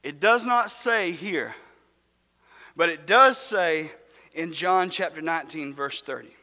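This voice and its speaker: A man's voice: fairly high pitch, slow, sharp tone. A man preaching a sermon in a church, speaking with fervent emphasis. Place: church sanctuary. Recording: long church reverb.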